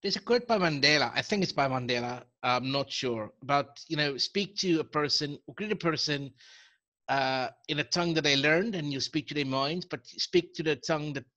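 Bright-voiced male host, lo-fi sound. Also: a little high, normal speed. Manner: tentative, thinking aloud. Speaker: podcast host. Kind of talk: casual interview chat. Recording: dull lo-fi recording.

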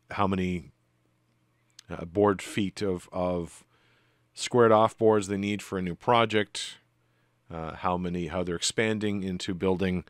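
Low-voiced man running a tabletop game. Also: dry recording. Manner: relaxed, many fillers. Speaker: game master.

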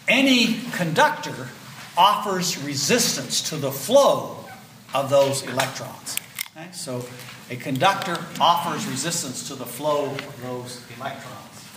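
A man's voice: mid-range voice, expressive, a little slow. A man in his sixties giving a physiology lecture, explaining step by step and checking in with "okay?" and "right?". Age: 60s. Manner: explanatory, repeats key points with "okay?" and "right?". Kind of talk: classroom lecture. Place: lecture hall. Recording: roomy lecture hall, mic at a distance, faint noise.

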